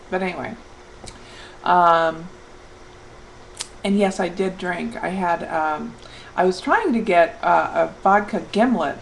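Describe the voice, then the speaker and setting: A woman's voice: lowish voice, unhurried, gravelly, long pauses, a little hiss or hum, poor audio. A middle-aged woman talking casually to her camera in a vlog, upbeat and rambling with lots of fillers. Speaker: vlogger.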